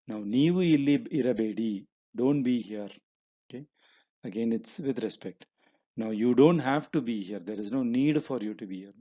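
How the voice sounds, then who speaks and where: A man's voice: medium pitch, dark tone, dull audio. A man teaching a spoken language lesson, walking through examples step by step and repeating each one. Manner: explains step by step, switching between English and Kannada examples; many fillers and restarts, repeats each example.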